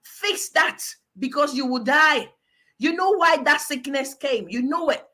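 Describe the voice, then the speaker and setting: A woman from Africa, a guest giving animated, emphatic advice in a preachy, exhortative manner. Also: high-pitched, unhurried.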